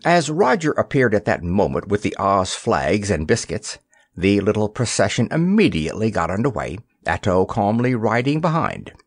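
A man reading a children's fantasy audiobook aloud in an expressive storytelling manner. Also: fairly low pitch, normal speed, husky, no room sound, studio quality. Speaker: narrator. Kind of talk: audiobook narration.

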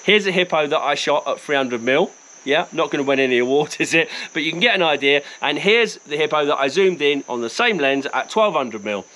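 A wildlife photographer with a Cockney accent reviews gear outdoors in the bush, talking to camera in a chatty, enthusiastic way and joking at his own expense. His voice is fairly high, animated, a little fast, pushed and bright, and the recording is rough.

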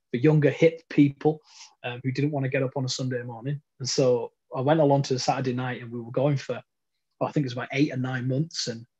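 A middle-aged UK man with a medium-pitched, slightly mellow, breathy voice shares his life story from his front room at home. His personal testimony is earnest and reflective, with frequent ums.

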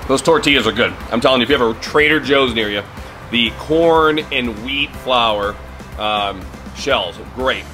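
Hosting a casual griddle cooking video from his home garage, a middle-aged man speaks at a measured pace in a medium-pitched voice with a bright, forceful tone. Soft music plays behind him as he chats and laughs often.

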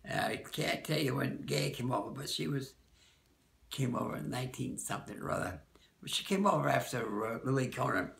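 An older man, a dance teacher, recalling people from the past in a rambling, halting way, often correcting himself. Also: mid-range voice, expressive, vocal fry, a bit bright, echoey room. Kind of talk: oral-history reminiscence.

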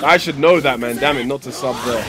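A man hosting a gaming channel, giving excitable live commentary on a fighting game, swearing and yelling at his opponent. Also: medium pitch, fairly quick, crowd noise. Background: game music.

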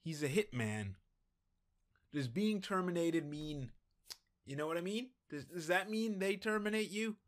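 A man's voice: high voice, unhurried. A man commenting on a game as he plays, joking around and reading the on-screen text aloud. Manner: joking, animated, reads dialogue in voices. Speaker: gameplay commentator.

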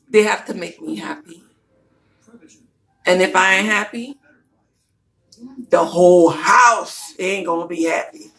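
A woman's voice: medium pitch, a bit bright, rough recording. A woman vlogger chatting casually and playfully to her viewers while showing a shopping haul.

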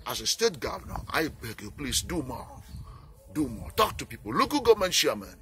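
Nigerian male campaigner, earnest and pleading, bright tense voice that swings widely. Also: medium pitch, sing-song, brisk. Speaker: peace campaigner. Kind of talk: impassioned appeal speech.

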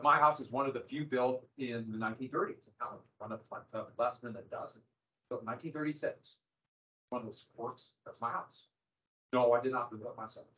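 This is a middle-aged high school history teacher giving a conversational lecture peppered with sarcastic quips, captured on a dull, lo-fi classroom recording. His voice is medium in pitch and slightly bright.

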